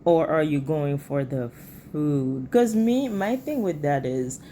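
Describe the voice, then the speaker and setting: A woman's voice: sits low, animated, slow pace, mellow, slight background noise. A woman hosting a reaction video, commenting in a disapproving, lecturing way. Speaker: commentary channel host.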